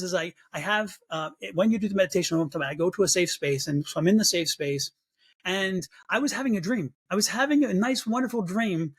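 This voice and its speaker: A psychic medium, appearing as an interview guest, tells a personal spiritual story in a notably high, husky voice. He animatedly acts out how he reacted back then, frequently restarting and repeating words.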